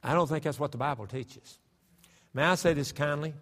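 Pastor guy preaching hard, bright forceful voice, big church reverb. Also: fairly high pitch, normal speed. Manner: starts with a hushed prayer, then builds to loud fervent preaching. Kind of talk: sermon. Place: church sanctuary.

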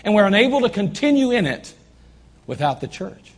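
Male pastor, sermon in a church, raspy tone, pressing points by repetition. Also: high-pitched, sing-song, a little fast. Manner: emphatic preaching with repeated phrases. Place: church sanctuary.

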